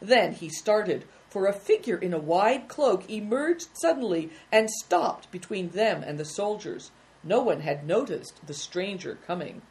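A woman narrating a children's story in a measured, expressive reading. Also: mid-range voice.

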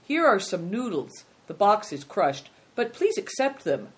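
A woman reading a storybook aloud and voicing a steady, earnest young boy who sounds a little wise. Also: medium pitch, unhurried, pitched above the performer's own voice.

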